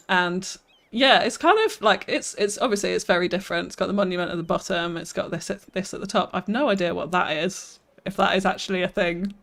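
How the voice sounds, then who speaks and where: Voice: mid-range voice, vocal fry, fairly bright tone. A streamer, chatting through a live gameplay session, reading viewer comments aloud and answering them with self-deprecating laughs.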